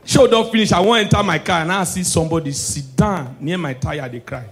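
A male stand-up comedian with a Nigerian Pidgin accent works the crowd in a high-pitched voice at a fairly quick pace, with faint music behind him. He slips into low, preachy asides before bursting out with loud, shouted punchlines.

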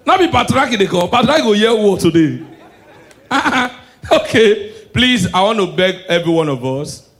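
High-voiced Nigerian stand-up comedian. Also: male voice, moderate pace. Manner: loud, animated punchlines mixing Pidgin and English. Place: live stage show.

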